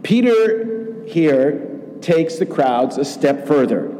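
A man preaching a sermon as pastor, acting out quoted lines with lively changes of voice. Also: a little high. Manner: slow, animated preaching with acted quotes. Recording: long reverb in a large room.

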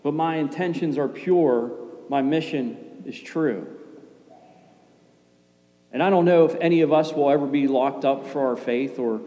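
Middle-aged male pastor, mellow low-key sermon delivery, big reverberant church. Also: a little slow, long pauses. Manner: calm and low-key, not animated. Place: church sanctuary. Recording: long hall reverb.

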